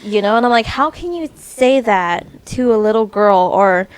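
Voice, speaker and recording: A young woman co-hosting a casual podcast, talking in a lively, sympathetic way. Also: fairly high pitch, normal speed, clean tone, poor audio. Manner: lively, sympathetic, agreeing often. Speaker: podcast co-host.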